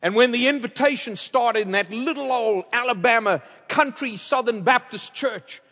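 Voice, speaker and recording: A man preaching a storytelling sermon as a guest speaker, wearing a headset mic and swinging from loud to hushed. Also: very high-pitched, normal speed, hardly any pauses. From outside the United States. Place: large church. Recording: long reverb of a large church.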